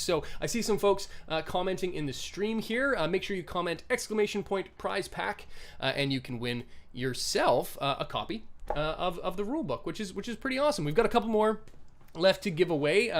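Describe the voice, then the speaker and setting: A man hosting a tabletop game livestream, chatty with many fillers, speaking over a video call. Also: high-pitched. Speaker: game master and host. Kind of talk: livestream host announcements.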